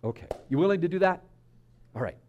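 Man preaching in a conversational, storytelling way, somewhat high voice with a lot of pitch movement. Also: lively intonation, quick pace, a little mellow, highs cut off. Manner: conversational, storytelling with audience asides. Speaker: speaker at a spiritual community service. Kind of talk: sermon. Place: church service.

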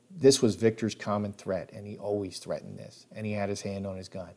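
A man's voice: fairly low pitch, fairly even intonation, brisk, hardly any pauses. A man recounting his own life story in a casual, spoken way with plenty of filler words. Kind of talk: casual spoken memoir narration.

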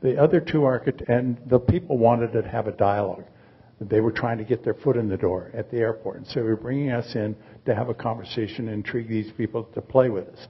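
Older male artist in his 80s, raspy, rambling, dry humor, muffled event audio. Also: medium pitch, fairly quick. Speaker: artist, guest. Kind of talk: live onstage conversation.

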